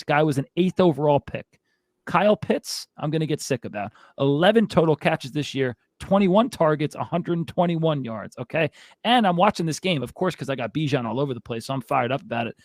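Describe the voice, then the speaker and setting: Heated male sports host, ranting to a co-host, slightly high-pitched, dry and close. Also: no room sound. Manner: fired-up, exasperated ranting with frequent asides. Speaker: fantasy football show host.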